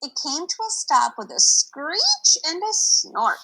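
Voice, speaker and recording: A woman's voice: extremely high pitch, huge pitch swings, slow, pushed and bright, poor audio. A young adult woman reading a picture book aloud to children on a livestream, stopping to explain words in a chatty way.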